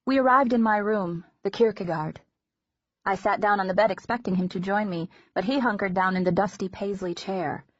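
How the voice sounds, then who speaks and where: A woman narrating an audiobook in a measured, intimate first-person reading. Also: medium pitch, no echo. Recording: dull lo-fi recording.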